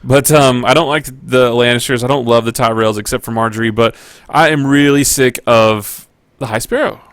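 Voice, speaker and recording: A man co-hosting a relaxed talk show, giving easygoing opinions in a halting way. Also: mid-range voice, dry recording. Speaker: podcast co-host. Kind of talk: casual chat.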